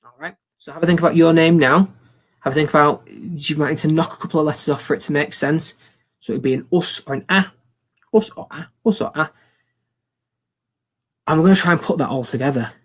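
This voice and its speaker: A young man gives a recorded school lesson. His voice sits a little high and has a slightly husky texture. He is upbeat and encouraging and repeats phrases for learners to say back. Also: a little fast, pauses often. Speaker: teacher.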